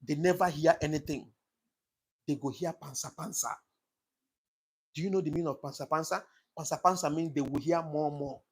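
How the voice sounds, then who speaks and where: A man's voice: fairly high pitch, a little fast, long pauses, slightly rough. A man giving an impassioned, preachy political monologue, repeating his points for emphasis. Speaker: commentator on his own channel.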